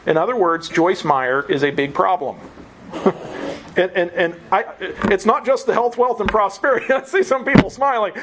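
A man's voice: high-pitched, normal speed, background noise. A man preaching a sermon, earnest teaching that often breaks into a chuckle.

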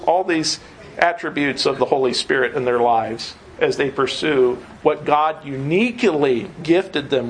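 A man's voice: on the high side, a little hiss or hum, rough recording. A man preaching a sermon, earnest teaching that often breaks into a chuckle.

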